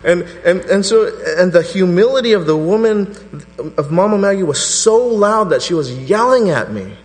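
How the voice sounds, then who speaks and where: A middle-aged man preaching a sermon to a congregation, telling a personal story with animated energy. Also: moderate pace. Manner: animated storytelling, voice rising to a high pitch in quoted prayers. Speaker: pastor. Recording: reverberant hall with mains hum.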